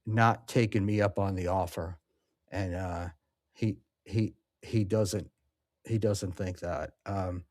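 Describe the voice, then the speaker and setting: A man's voice: low voice, fairly even intonation, slow pace, a little mellow, dry recording, clean studio sound. A man hosting a casual livestream, reading chat and talking with rambling, sarcastic asides and lots of ums.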